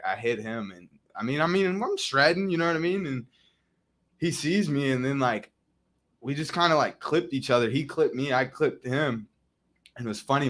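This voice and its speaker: A man, a podcast guest, telling casual stories in a studio and acting out scenes with loud quoted lines. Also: mid-range voice. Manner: animated, acts out scenes with shouted quotes. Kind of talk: casual storytelling.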